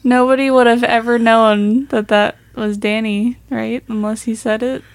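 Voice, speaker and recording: A woman's voice: on the high side, flat delivery, moderate pace, no echo. A woman co-hosting a casual podcast, teasing her co-host and laughing often. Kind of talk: casual chat.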